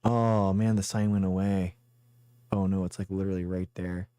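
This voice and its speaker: Guy streaming a game, low voice, talks to himself a lot, dry close sound. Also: level tone, moderate pace, dark tone, clean tone, no room sound. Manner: rambling, thinks aloud, chatty. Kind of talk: casual live game commentary.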